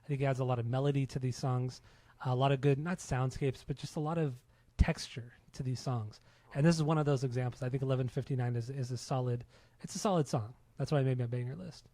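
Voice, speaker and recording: A man's voice: medium pitch, steady tone, fast talker, mellow, no room sound. A man co-hosting a casual music podcast, talking in an easygoing, hedging way with many fillers. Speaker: podcast co-host.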